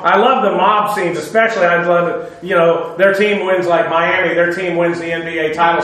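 A man with a high voice teaches a Bible sermon in a loose, conversational way. He drops filler "uh"s and slips into dry, sarcastic asides. His voice rings through a very echoey room. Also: bright, forceful tone. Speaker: preacher.

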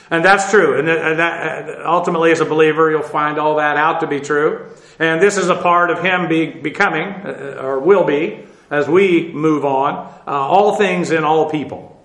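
A man teaching a Bible lesson, explaining Greek words in a halting way full of fillers. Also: a little high, a bit bright, roomy sound.

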